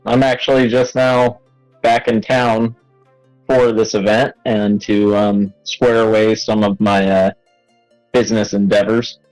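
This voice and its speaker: Brief: low, slow man role-playing at a tabletop game, halting delivery, faint music behind. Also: level tone, darkish tone, dry recording, rough recording. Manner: hesitant, laughs often, lots of fillers. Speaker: player. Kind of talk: tabletop role-play, casual.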